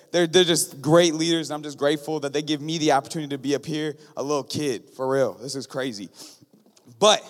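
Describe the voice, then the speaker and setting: A young man giving his first sermon in a church, excited, rambling and joking with the congregation. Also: on the high side. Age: young adult. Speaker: guest preacher. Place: church sanctuary. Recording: long hall reverb.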